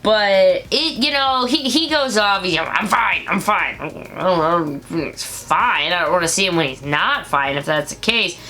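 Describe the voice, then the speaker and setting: A woman recapping a TV episode in a casual, jokey way, sometimes acting out lines in quick voices. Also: fairly low pitch, animated, bright, forceful tone. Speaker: show reviewer.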